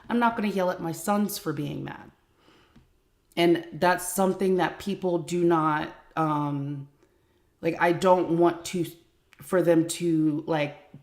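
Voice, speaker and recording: A woman's voice: low voice, darkish tone, echoey room. A woman hosting a live stream from home, talking frankly in a casual, chatty way and swearing freely.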